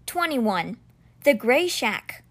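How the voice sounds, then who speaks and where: A woman reading a novel aloud chapter by chapter, with expressive storybook narration. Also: a little high, slow pace. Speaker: audiobook reader.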